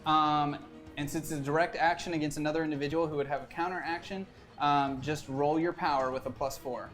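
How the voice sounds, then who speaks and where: A man's voice: on the high side, fairly even intonation, a little fast, fairly bright tone, soft background music. Laughing male game master narrating. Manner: easygoing, laughs often, stumbles and restarts.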